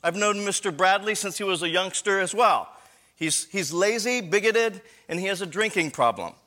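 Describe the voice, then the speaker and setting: A sharp-tongued old grandmother with a high, bright voice tells people exactly what she thinks of them, as a man puts her on in a talk. She lists every fault bluntly and sounds completely unimpressed. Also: expressive, moderate pace. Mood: scolding. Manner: scolding, listing faults bluntly.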